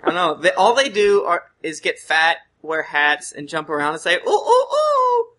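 A man's voice: fairly high pitch, normal speed, bright, forceful tone. A man hosting a casual chat, jokey and laughing often.

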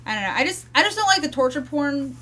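A woman's voice: sits high, very animated, fast talker, pushed and bright. A woman co-hosting a podcast, frank and chatty, laughing easily. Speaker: podcast co-host. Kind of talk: casual podcast chat.

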